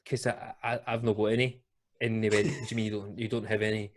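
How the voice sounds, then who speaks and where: A man's voice: fairly low pitch, flat delivery, fast, slight background noise. A man with a Glaswegian Scottish accent hosting a podcast. He tells a story in a chatty, colloquial way and laughs often. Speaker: podcast host. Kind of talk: casual podcast chat, storytelling.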